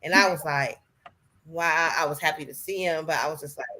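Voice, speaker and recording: Bright-voiced woman chatting earnestly. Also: deep voice, brisk. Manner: earnest, rambling, with many fillers. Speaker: podcast guest. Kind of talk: casual podcast chat.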